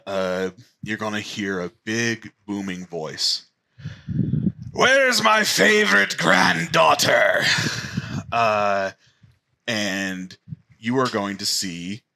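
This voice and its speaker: A man narrating as the game master of a tabletop game, slow and halting with lots of fillers. His voice is low-pitched but bright and forceful.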